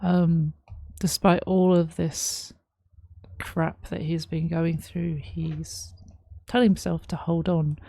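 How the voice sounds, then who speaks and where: A woman reacting to a song, reading lyrics aloud and explaining them in a thoughtful, halting way, with many ums. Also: deep voice, flat delivery, mellow, no room sound. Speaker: music reaction host. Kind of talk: casual reaction commentary.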